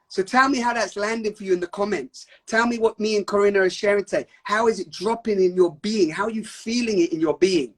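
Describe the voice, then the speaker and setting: A man's voice: high-pitched, fairly quick, hardly any pauses. A man hosting a live stream, talking with intense, preachy passion about emotions and swearing for emphasis. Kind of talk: passionate spiritual talk.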